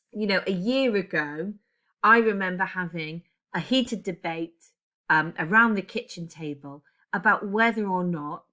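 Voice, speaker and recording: A woman's voice: lowish voice, bright, forceful tone. A woman in her forties teaching a class, chatty and digressive, often correcting herself as she goes. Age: 40s. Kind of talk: classroom lesson.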